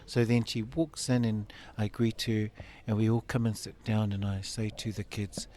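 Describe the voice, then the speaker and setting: A man's voice: lowish voice, little pitch movement, normal speed, a little mellow, a little hiss or hum. A man in his fifties giving an interview, telling a personal story earnestly and acting out the dialogue. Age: 50s. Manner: earnest, acts out quoted dialogue. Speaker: interview guest.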